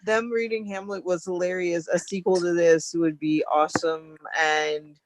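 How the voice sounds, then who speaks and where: A woman's voice: fairly low pitch, level tone, moderate pace, background noise. A woman co-hosting a casual theater chat show, gushing and rambling with frequent laughter. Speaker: podcast co-host.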